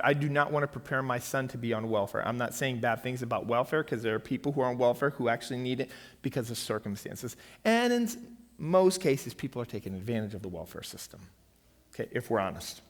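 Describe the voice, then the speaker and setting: A middle-aged man giving a church finance seminar in an emphatic way, often checking in with his audience. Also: mid-range voice. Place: church hall. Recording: long reverb of a church hall.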